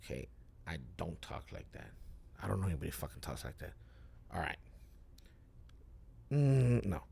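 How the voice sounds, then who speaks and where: A man rapper as a guest, talking in a loose, profane, rambling way while high, often cutting himself off. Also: quick pace, creaky, a little hiss or hum. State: high, with cotton mouth. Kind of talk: casual live-stream chat.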